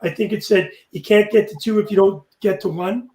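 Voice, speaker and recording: Emotional high-voiced host in an echoey room. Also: male voice, a little fast, darkish tone, slight background noise. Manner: emotional, heartfelt storytelling. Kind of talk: casual chat.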